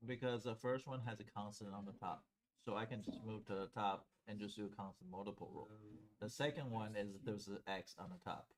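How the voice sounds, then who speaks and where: A man's voice: on the low side, fairly quick, crowd noise. Man teaching calculus to a class. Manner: conversational, checks in with students often. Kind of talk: classroom lecture at a whiteboard.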